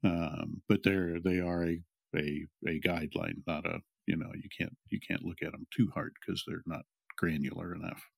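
A man co-hosting a parenting podcast in casual chat. He rambles, restarts his sentences and trails off into quiet asides. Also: sits low, level tone, normal speed, vocal fry, slightly rough.

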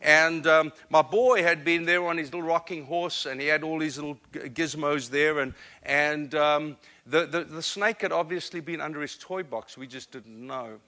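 A man with an African accent preaches as a guest speaker, and his voice rings bright and sits a little high for a man. He speaks earnestly and pokes fun at himself. He often repeats words as he builds toward a point. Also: steady tone, normal speed. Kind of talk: sermon with storytelling.

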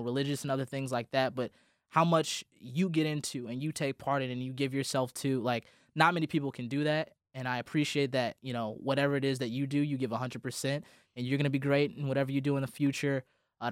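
A man's voice: mid-range voice, clean tone, no echo, clean studio sound. A young man, a college radio host, giving a heartfelt, rambling farewell speech to his colleagues on air, with many restarts. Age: young adult.

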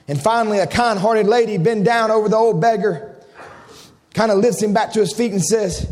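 High-voiced preacher on an old sermon tape. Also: male voice, a little fast, in a large hall. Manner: vivid retelling, acting out the crowd. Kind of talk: storytelling sermon.

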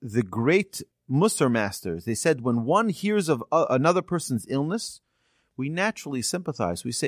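A rabbi's sermon unfolds through stories at a moderate pace, his medium-pitched voice earnest and animated and rising for emphasis at key moments. It's a dry recording of studio quality.

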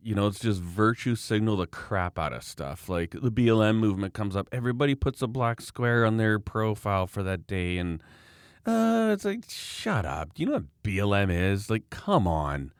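A man's voice: lowish voice, fairly quick, few pauses, clear, resonant tone, no echo, clean studio sound. A man talking in a casual, opinionated, rambling way, acting out the people he quotes. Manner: opinionated, rambling, animated quoting. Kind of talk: casual political chat.

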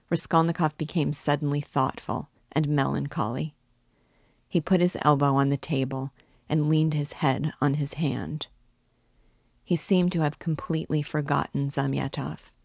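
A woman reading a classic novel aloud in a measured, even way. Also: sits low, gravelly, dry recording, studio quality. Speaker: reader and guide.

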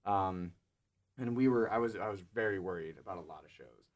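Young man rambling in relaxed chat. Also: low voice, fairly quick. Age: young adult. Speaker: student show producer. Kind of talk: casual panel chat.

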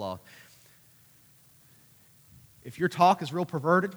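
A man preaching a conversational youth sermon, animated, with acted-out asides. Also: fairly high pitch, brisk. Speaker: youth pastor. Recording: hall reverb.

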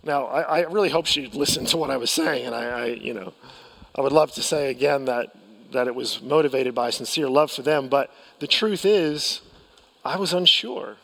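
A man's voice: mid-range voice, moderate pace, vocal fry, a bit bright, big-room sound. An American man preaching a sermon as pastor, telling a personal story candidly with self-deprecating humor and frequent restarts.

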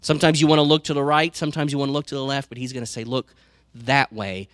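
A man's voice: on the high side, steady tone, rapid-fire, no echo, clean studio sound. A man preaching a sermon as a pastor, earnest and repeating words as he goes.

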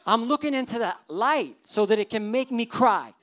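A male pastor in his thirties delivers a lively sermon. He moves between plain teaching and playful storytelling, acting out the stray thoughts of people in the pews. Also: very high-pitched, moderate pace. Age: 30s. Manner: animated storytelling, acting out worshippers' inner thoughts with humor.

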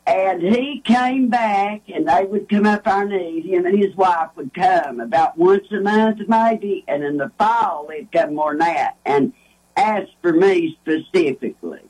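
A woman's voice: fairly low pitch, unhurried, darkish tone, husky, low-quality recording. An older woman, a guest telling rambling, folksy stories in casual talk. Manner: rambling, folksy, lots of restarts. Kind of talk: casual storytelling.

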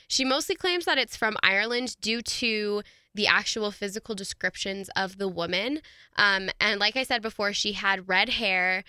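A woman talks through a true-crime case in a casual, chatty way and laughs often. Her voice is bright and forward. The sound is dry and close, with no room around it. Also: medium pitch, normal speed, smooth, dry recording. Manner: chatty, laughs often, reads quotes aloud. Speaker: podcast co-host.

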